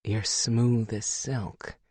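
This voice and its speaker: Brief: narrator puts on a hushed, husky-low werewolf man, slow and seductive, dry studio sound. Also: little pitch movement, no room sound. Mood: low, teasing. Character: lustful man, a werewolf lover.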